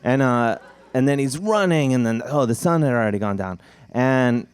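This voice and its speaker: A man's voice: medium pitch, expressive, normal speed, clean tone. A man telling a rambling campfire story, laughing as he goes and briefly acting out the characters. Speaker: film director telling a story. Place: outdoor campfire event.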